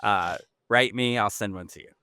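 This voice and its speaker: A man co-hosting a podcast in casual chat, laughing often and jumping up high when he makes a point. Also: normal speed, sharp tone, smooth. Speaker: podcast co-host. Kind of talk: casual chat, movie review.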